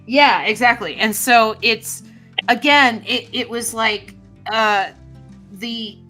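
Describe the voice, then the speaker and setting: Bright, musing woman in casual chat. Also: a little high, soft background music. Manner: musing, halting and searching for words.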